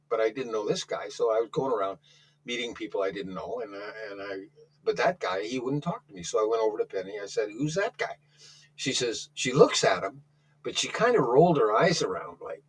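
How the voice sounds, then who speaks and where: A man's voice: mid-range voice, slightly rough, rough recording. A man calling in to a talk show, telling a rambling story in a casual way, often restarting his sentences. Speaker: caller.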